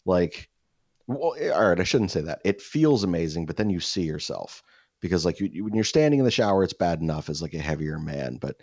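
Young male podcast host, very low voice, rambling, profane storytelling, dry lo-fi sound. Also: animated, brisk, a little mellow, dry recording. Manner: rambling, profane, many fillers and restarts. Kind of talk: casual storytelling chat.

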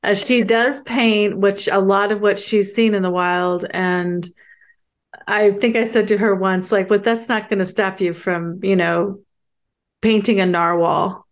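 A woman's voice: mid-range voice, fairly even intonation. Affirming woman interview host. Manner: warmly affirming, reacts with quick agreement. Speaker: podcast host. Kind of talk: casual interview chat.

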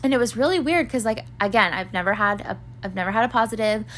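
A young woman with a slightly high, bright voice talks fast and with lively intonation while hosting a podcast. She tells a rambling personal story crammed with fillers and swearing, acting out other people's voices.

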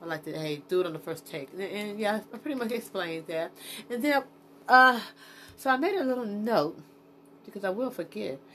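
A woman with a medium-pitched, expressive, fairly bright voice talks at a normal speed, with slight background noise. Podcasting alone and unscripted, she rambles frankly and with profanity, full of fillers and restarts, muttering to herself as she pauses to check her notes.

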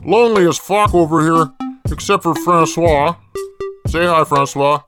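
A man playing a creepy jailed male killer in a comedy parody ad, rambling deadpan and swearing a lot. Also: fairly high pitch, a little slow, music in the background, close to an everyday voice.

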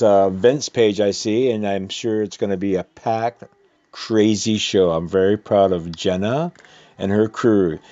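Low-voiced man with a cold, announcing shows. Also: mellow, no room sound, lo-fi sound. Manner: loose and rambling, stopping to correct himself. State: has a cold. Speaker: radio host reading community event announcements. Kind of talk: casual on-air announcements.

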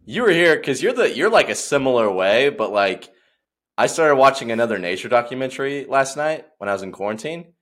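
Young male co-host, excitable and slangy, with a pitch that jumps around. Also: fairly quick. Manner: excitable, slangy, says dude a lot. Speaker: podcast co-host. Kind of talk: casual chat.

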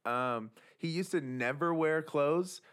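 A man's voice: on the high side, slow pace, fairly bright tone, clean tone. A young man co-hosting a comedy podcast, telling crude joking stories in casual chat. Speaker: podcast co-host.

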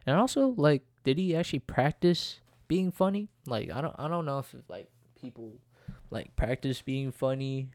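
A man's voice: medium pitch, vocal fry, darkish tone, no room sound. Young guy rambling on his solo podcast, laughs a lot, dry close sound. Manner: rambling, laughs often, self-correcting. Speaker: podcast host. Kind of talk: casual solo podcast chat.

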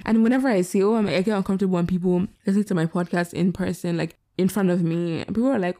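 A young woman talks through her solo podcast late at night, candid and rambling, with a tired edge. Her voice is low, mellow and gravelly with plenty of fry. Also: fairly even intonation, racing, hardly any pauses. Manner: rambling, candid, self-deprecating. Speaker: podcast host. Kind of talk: casual solo podcast chat. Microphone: laptop setup.

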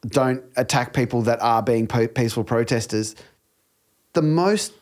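A man's voice: medium pitch, normal speed, darkish tone. Agreeable man chiming in. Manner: agreeable, chiming in with short assents. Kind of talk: casual chat.

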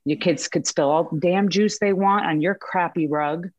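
A woman in her thirties tells a story with frank, self-mocking candor and a little swearing. She sits a bit low in her register. The sound is close and dry, with little room around it. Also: moderate pace, no room sound, highs cut off. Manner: expressive, candid, self-mocking, mild swearing; acts out voices in vivid quoted asides. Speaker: mother sharing a story with a group. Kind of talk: casual storytelling.

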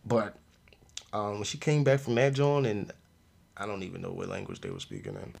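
A man's voice: fairly quick, creaky. Slangy young man reviewing a show. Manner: animated, slangy, laughs often, loud jumps in pitch. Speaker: podcast host reviewing a show. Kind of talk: casual solo review chat.

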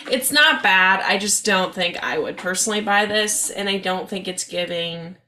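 Bright, gushing young woman host. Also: mid-range voice, moderate pace. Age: young adult. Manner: gushing, upbeat, slangy. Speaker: podcast host. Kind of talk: casual chat.

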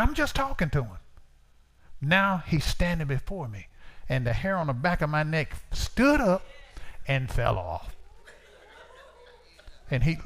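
A man preaching a sermon, telling a personal story in plain informal speech and acting out conversations with a lifted voice. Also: mid-range voice. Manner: storytelling, acts out dialogue in raised voice. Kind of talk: sermon testimony.

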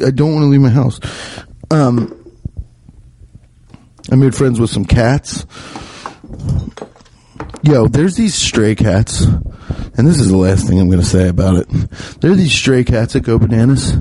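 A man's voice: mid-range voice, warm tone, no room sound. A man in his thirties, a podcast host, rambling through a profane, self-mocking comedic monologue. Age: 30s.

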